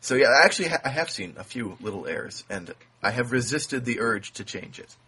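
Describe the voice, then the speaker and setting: A man's voice: medium pitch, very animated, a little fast, pushed and bright, husky. A young man hosting a podcast in casual banter, with a wry, mock-grandiose manner. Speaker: podcast host.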